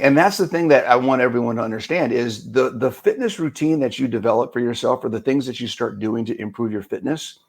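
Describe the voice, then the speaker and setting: A man's voice: medium pitch, a little mellow. A man, a guest coach, explaining energetically in a casual podcast discussion, now and then quoting what the body says.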